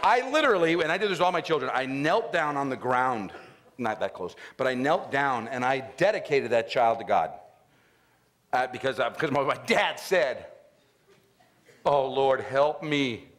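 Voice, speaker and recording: A middle-aged man giving an animated storytelling talk at a faith event, acting out scenes with loud outbursts. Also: mid-range voice, normal speed. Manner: animated, acts out scenes with loud shouts and laughs.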